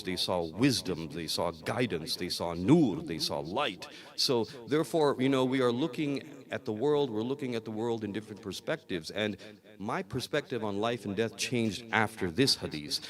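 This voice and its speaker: A man delivers a religious sermon in a lowish voice. He tells the story with acted dialogue and rises to emphatic peaks, slowing and repeating key words for weight. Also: animated. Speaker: scholar reciting a majlis.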